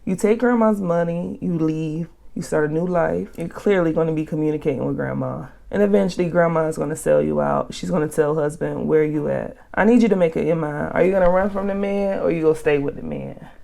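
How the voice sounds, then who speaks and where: Blunt low-voiced woman vlogger. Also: fairly quick, creaky, few pauses. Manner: blunt, animated advice with slang. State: out of breath. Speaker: channel host. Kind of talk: reaction commentary to a reader's post.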